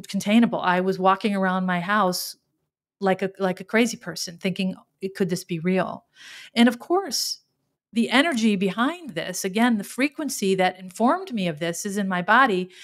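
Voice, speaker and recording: Earnest, emotional middle-aged woman host. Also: mid-range voice. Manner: earnest, emotional, with frequent restarts. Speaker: podcast host. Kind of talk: reflective spiritual monologue.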